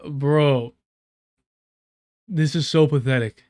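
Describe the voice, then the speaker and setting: A man's voice: fairly high pitch, normal speed, long pauses, dry recording, studio quality. A man hosting a live stream, giving angry, repetitive commentary on a clip, swearing often. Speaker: live stream host reacting to clips.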